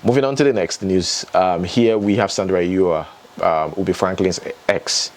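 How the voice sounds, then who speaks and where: A fairly low-voiced man with a Nigerian accent hosts an entertainment news vlog. He reads out headlines and social media posts, then chats about them with his viewers in a casual, opinionated way. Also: normal speed.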